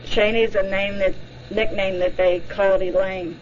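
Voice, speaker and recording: A woman narrating a documentary in a slow, measured reading voice. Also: medium pitch, flat delivery, a little hiss or hum. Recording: dull lo-fi recording.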